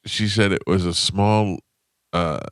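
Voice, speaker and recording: A man's voice: low voice, fairly even intonation, slow pace, fairly bright tone, no room sound, clean studio sound. A male radio host telling a rambling story in casual morning-show banter, laughing as he goes.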